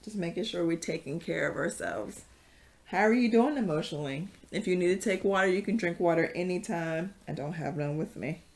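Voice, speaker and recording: Chatty low-voiced woman yoga teacher. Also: fairly quick, darkish tone. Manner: chatty, rambling, laughs often, many fillers. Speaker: yoga instructor. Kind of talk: casual guided yoga class.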